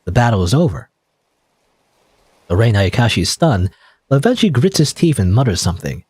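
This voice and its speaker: A man's voice: medium pitch, big pitch swings, brisk, darkish tone, slightly rough, dry recording. A man casually reading a visual novel aloud and chatting about it, rambling with lots of "like" and "you know". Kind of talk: casual let's-play commentary and narration.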